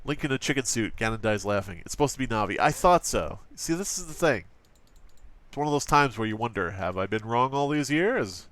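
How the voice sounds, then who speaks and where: Flipping through an old gaming magazine, this man, a let's play host, jokes around profanely and fills his talk with fillers. He speaks briskly with lively intonation, his mid-range voice a bit bright, with no room sound.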